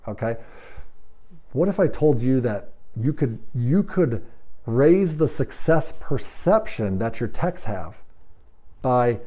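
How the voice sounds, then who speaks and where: Man, service coach, dark mellow voice, emphatic, rhetorical questions. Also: medium pitch. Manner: emphatic, rhetorical questions, acts out quoted dialogue. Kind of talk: training talk to shop managers.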